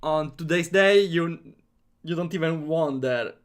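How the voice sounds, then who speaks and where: A man's voice: a little high, measured pace, smooth. A man streaming a visual novel, reading it aloud, chatting with viewers and laughing often.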